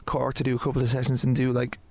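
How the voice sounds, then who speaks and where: Fast-talking Dublin Irish man. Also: mid-range voice, monotone, a little mellow. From Ireland. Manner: rapid, swearing, laughing storyteller. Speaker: guest singer. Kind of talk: casual podcast chat.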